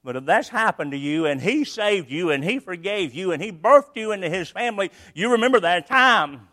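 An older man preaching a sermon, emphatic and repetitive, swinging between loud declarations and hushed lines. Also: sits high, lively intonation, normal speed.

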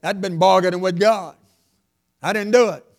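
Gravelly older preacher. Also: male voice, high-pitched, fairly even intonation, normal speed. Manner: emphatic, repetitive preaching with sudden loud and hushed lines. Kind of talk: sermon.

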